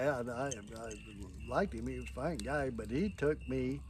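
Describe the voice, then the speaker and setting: Older man, folksy yarn-spinner, rambling, chuckling, mid-pitched voice. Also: darkish tone, slight background noise. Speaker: storyteller. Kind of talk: casual spoken storytelling.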